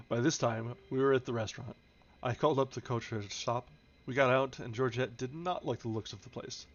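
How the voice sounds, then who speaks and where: A man's voice: mid-range voice, fairly even intonation, fairly quick. A man reading a novel aloud on a livestream, now and then stumbling and correcting himself on foreign names. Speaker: audiobook reader. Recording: dull lo-fi with faint music.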